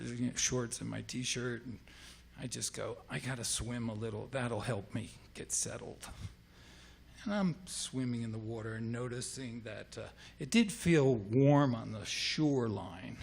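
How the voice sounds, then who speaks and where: A man with a gravelly, creaky voice at a middle pitch tells a personal story at a live slam. He speaks casually and hesitantly, restarting his sentences.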